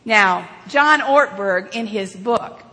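A woman retelling a story as a sermon, animated and dramatic, asking her listeners questions. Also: mid-range voice, takes it slowly. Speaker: children's sermon leader. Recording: reverberant hall.

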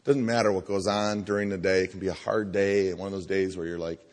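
A pastor preaching a sermon in a church, talking conversationally and coaxing the congregation to repeat phrases to each other. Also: male voice, deep voice, little pitch movement, fast talker. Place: church sanctuary. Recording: long hall reverb.

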